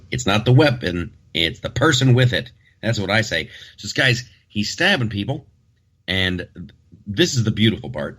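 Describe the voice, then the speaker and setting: Deep-voiced rambling male talk host. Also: a bit bright. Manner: rambling, joking, restarts often. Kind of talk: casual comedic talk show chat.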